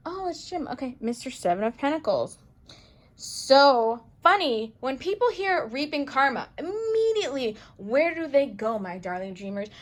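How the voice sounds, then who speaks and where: Reading tarot to camera at normal speed, this channel host keeps things casual, animated and playful. Her viewers are darling and baby to her, and her delivery alternates bright outbursts with quiet muttered asides.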